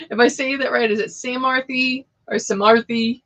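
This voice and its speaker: A woman doing a casual live-streamed tarot reading, playful and quick to laugh between cards. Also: a little high, fairly bright tone. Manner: giggly, playful, often breaks into laughter.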